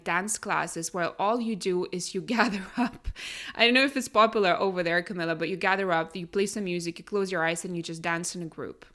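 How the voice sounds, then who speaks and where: A woman's voice: mid-range voice, fairly bright tone. A woman co-hosting a podcast in casual conversation, chatty and upbeat, peppering her talk with "you know" and "right?", English not her first language. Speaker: podcast co-host.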